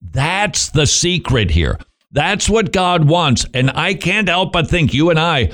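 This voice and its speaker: A man's voice: a little high, very animated, slow, fairly bright tone. A man hosting a devotional commentary, preaching with wry self-mocking asides and pointed rhetorical questions.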